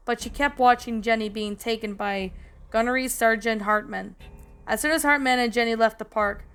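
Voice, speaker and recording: A woman's voice: a little high, a bit bright, clean tone. A woman reading a fan story aloud. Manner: casual reading with small slips. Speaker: story narrator and reviewer. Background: background music.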